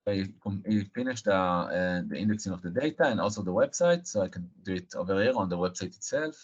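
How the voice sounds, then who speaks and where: A man presenting a live technical software demo, halting and filling pauses with frequent uh and um. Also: sits low, lively intonation. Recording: dull lo-fi stream audio.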